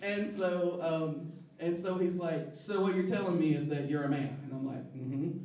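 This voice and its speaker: A man in his thirties telling a personal story on stage in a relaxed, joking way, often laughing. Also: a little high, moderate pace. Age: 30s. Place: stage at a live storytelling show. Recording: echoey hall, distant mic, faint noise.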